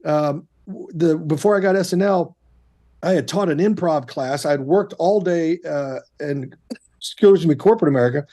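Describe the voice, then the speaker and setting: Guy in his 50s chatting on a podcast, kinda high voice, gets loud and fired up yelling at himself. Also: moderate pace. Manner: animated, shifts into loud self-coaching shouts. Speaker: guest, actor and comedian. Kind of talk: candid conversational storytelling. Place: podcast studio.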